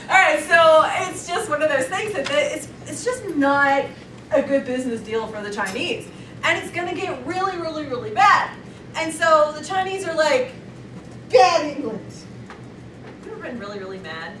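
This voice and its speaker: A woman's voice: sits high, expressive, normal speed, fairly bright tone, slight background noise. A woman teacher giving a chatty, playful lecture to her class, recorded from far off in an echoey classroom.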